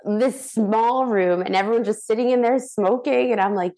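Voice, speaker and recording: A young woman, a former cruise ship dancer, telling stories as a guest in a casual interview, bubbly and animated, acting out the voices of people she quotes. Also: fairly high pitch, normal speed, few pauses.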